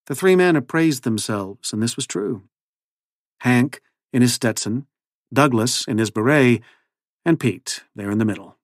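A man, the author, reading his own novel aloud in measured, low-key narration. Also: lively intonation, dry recording, clean studio sound.

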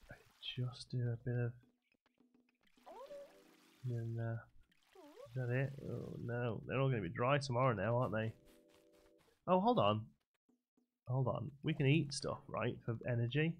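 Gravelly-voiced man streaming a game. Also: medium pitch, measured pace, pauses often, muffled recording. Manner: chatty, thinks aloud while playing. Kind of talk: casual gameplay commentary.

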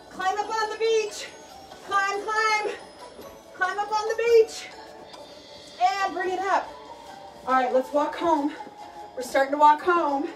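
A woman's voice: very high voice, a bit bright. A woman fitness instructor leading a children's workout, encouraging and calling out each move. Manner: encouraging, calls out moves and cues. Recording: distant mic with background music.

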